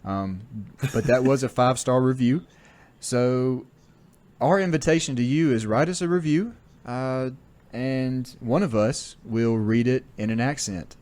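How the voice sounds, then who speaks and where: A man's voice: medium pitch, measured pace, darkish tone. A man co-hosting a podcast in a casual, joking way, laughing easily. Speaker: podcast co-host. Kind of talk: casual chat.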